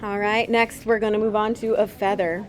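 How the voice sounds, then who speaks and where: A woman art teacher giving a chatty, gentle painting demonstration in a classroom. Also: mid-range voice, flat delivery, moderate pace, a little hiss or hum.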